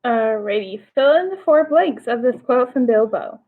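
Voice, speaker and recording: A woman's voice: a little high, expressive, moderate pace, narrow, tinny audio. A young woman co-hosting a casual trivia live stream from home, playful and teasing, laughing often. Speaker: trivia co-host.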